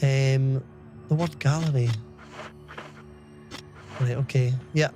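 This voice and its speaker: A man's voice: mid-range voice, fairly even intonation, slow, music in the background. A young adult man with a Scottish accent, chatting casually and swearing as he livestreams a game. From Scotland. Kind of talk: casual gaming stream chat.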